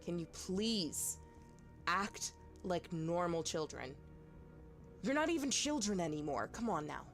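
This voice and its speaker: A woman's voice: on the low side, animated, a little slow, soft background music. A woman doing an exasperated mother scolding. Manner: exasperated, nagging. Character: weary middle-aged mother scolding grown kids.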